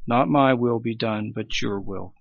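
A man preaching a sermon with emphasis, swelling on key phrases and dropping low at the ends. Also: measured pace, vocal fry, no room sound, narrow, tinny audio. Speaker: pastor.

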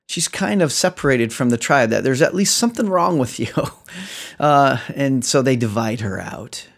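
A man preaching a sermon, animated and chuckling, acting out the lines of people in the story as he retells it. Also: a little high. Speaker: pastor.

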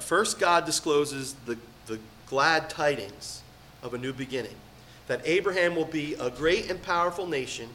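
A middle-aged male pastor delivers a sermon in a bright, forward voice at an ordinary pitch. He swings from loud, emphatic peaks to quiet asides. A faint hum sits under the recording.

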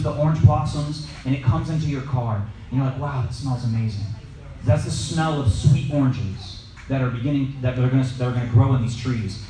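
Guy teaching bible study to a group, kinda high voice, big echo, sounds far from the mic. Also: slight background noise. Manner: lively, storytelling, asks the audience questions. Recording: echoey room, mic at a distance.

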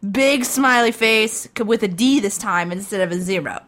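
A woman's voice: mid-range voice, normal speed, fairly bright tone. A woman co-hosting a podcast in casual chat, reading listener messages aloud with a playful, giggly delivery. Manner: giggly, playful, reads with jokey emphasis. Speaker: podcast co-host.

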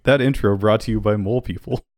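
A man's voice: on the low side, fairly even intonation, fast talker, darkish tone, no echo, clean studio sound. A man hosting a podcast, joking around with his co-hosts in casual banter. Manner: playful, jokey, mock-welcoming. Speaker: podcast host.

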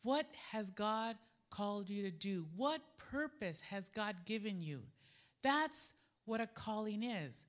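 Animated woman preaching with lively storytelling. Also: takes it slowly. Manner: animated, acts out quoted dialogue with jumps in pitch. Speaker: preacher at a women's gathering. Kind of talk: sermon with personal storytelling.

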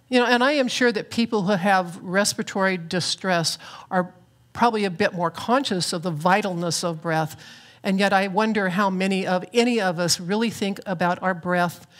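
A woman minister giving a reflective, earnest sermon with touches of light humor, speaking from a church platform. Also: lowish voice. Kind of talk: spiritual sermon.

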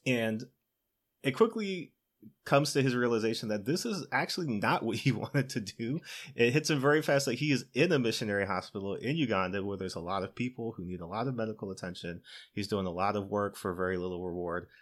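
A man with a somewhat low voice recaps a film for his podcast, talking loosely with plenty of "you know" and "like." He laughs as he goes and acts out the characters' lines in his own voice. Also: brisk. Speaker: podcast co-host. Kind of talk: casual movie recap.

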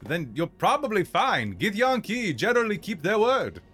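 A man's voice: very high-pitched, very animated, normal speed, sharp tone, faint music behind, voice pushed up, exaggerated voice. A man voicing a suave male vampire noble with a theatrical, shifting put-on accent. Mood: dry. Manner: theatrical, courtly accent that slips around.

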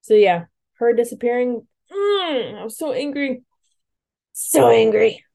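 Woman, book podcast co-host, casual chat, emphatic, warm tone. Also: fairly high pitch, big pitch swings, measured pace, gravelly. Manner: emphatic, vents frustration.

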